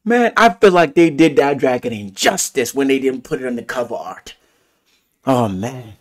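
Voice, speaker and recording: Excitable male reviewer, raving and cursing, with a very animated pitch. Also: moderate pace. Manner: gushing, profane, exclamatory. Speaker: movie reviewer. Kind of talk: excited movie rant.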